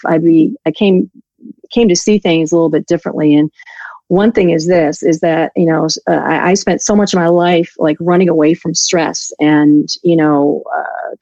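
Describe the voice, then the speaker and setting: A woman's voice: sits low, creaky, mellow, dry recording, muffled recording. A woman guest on an interview show, telling her story in a candid, self-deprecating way and often restarting her sentences. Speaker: guest, law enforcement resilience instructor.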